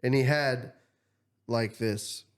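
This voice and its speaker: A man's voice: mid-range voice, slow, clean tone. Midwest guy on a podcast telling a story, cussing, doing everyone's voices. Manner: animated, swears freely, acts out quotes. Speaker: podcast co-host. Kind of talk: casual storytelling chat.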